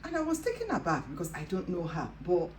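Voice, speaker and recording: A woman from Africa hosts a Christian devotional show, earnestly recounting a personal testimony and leaning on "you know" as she goes. Her voice is low, the room is echoey, and faint ambient noise sits underneath. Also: huge pitch swings, fast.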